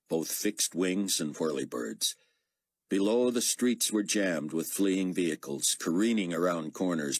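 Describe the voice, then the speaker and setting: A man's voice: deep voice, breathy edge, no echo. A man narrating an audiobook expressively, voicing many characters. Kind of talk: scripted narration.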